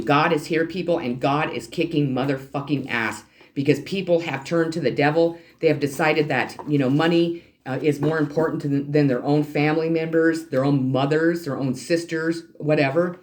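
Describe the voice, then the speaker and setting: Tarot reader ranting at the viewers, swears a lot, preachy and fired up, keeps yelling out to people. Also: mid-range voice. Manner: profane, heated, preachy. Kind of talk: ranting spiritual card reading for a channel.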